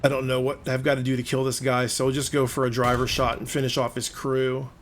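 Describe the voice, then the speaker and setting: Over a faint ambient hum, a man at a typical middle pitch narrates gameplay from a recorded match, briskly and in a monotone. This gaming video host keeps it conversational, explaining each play as it unfolds and openly admitting when he's frustrated.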